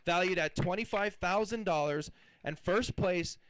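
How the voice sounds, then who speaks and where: A man's voice: sits high, moderate pace, fairly bright tone, a little hiss or hum, low-quality recording. A man emceeing a fishing tournament weigh-in, announcing weights and hyping the crowd in an upbeat way.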